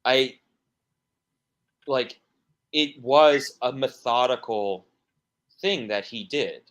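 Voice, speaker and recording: A man talks at an unhurried pace about his music, his voice sitting in a mid range. He rambles, circles back and restarts his sentences often, in the loose style of a podcast guest. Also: medium pitch. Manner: rambling, many restarts and fillers. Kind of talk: casual podcast interview.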